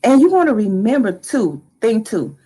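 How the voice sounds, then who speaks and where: A middle-aged woman hosting a live motivational talk, lively and animated, acting out excited quotes. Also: a little high, normal speed, slightly rough, rough recording. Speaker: motivational live-stream host.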